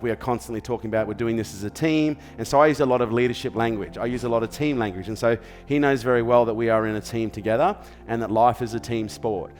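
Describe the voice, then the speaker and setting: In an interview-like setting, an Australian man who works as a business coach hands out parenting advice. His medium-pitched voice is a little mellow, with a long reverb tail, and his style is emphatic and motivational: he repeats himself and checks in with "okay?" and "does this make sense?"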